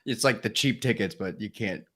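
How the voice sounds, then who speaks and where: A man's voice: fairly low pitch, moderate pace, bright, forceful tone. A man co-hosting a podcast in casual chat, teasing his partner and retelling their shared stories with mock quotes. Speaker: podcast co-host.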